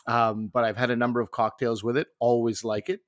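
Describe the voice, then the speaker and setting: A man's voice: mid-range voice, flat delivery, brisk, dry recording, clean studio sound. A man co-hosting a show, bantering casually with wry, self-deprecating jokes. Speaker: co-host.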